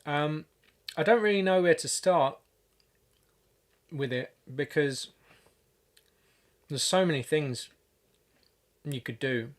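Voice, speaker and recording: A man producing music on a livestream, talking casually and haltingly, thinking aloud with lots of fillers and restarts. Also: fairly high pitch. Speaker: music producer streaming a session.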